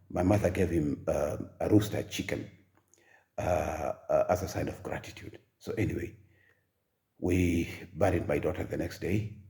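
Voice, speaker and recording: In a soft, halting voice full of pauses and fillers, an older Kenyan man recounts his own life. His voice has a low, rumbling quality.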